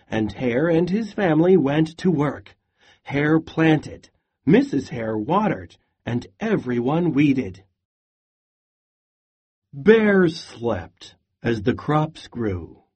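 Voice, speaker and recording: Slow, expressive male storyteller. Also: medium pitch, breathy edge, muffled recording. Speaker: storyteller and teacher. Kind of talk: storybook read-aloud with reading prompts.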